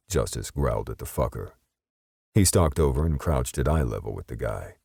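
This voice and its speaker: Very deep gravelly male narrator. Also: animated, normal speed, darkish tone, no room sound, clean studio sound. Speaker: audiobook narrator. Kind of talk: scripted audiobook narration.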